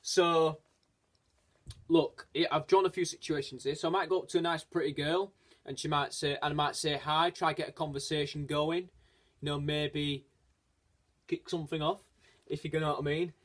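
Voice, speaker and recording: In a casual personal vlog, a man speaks earnestly and encouragingly, hesitating, rambling, and often restarting his sentences. His voice sits a little high, with fairly even intonation, a moderate pace, and a slightly bright quality.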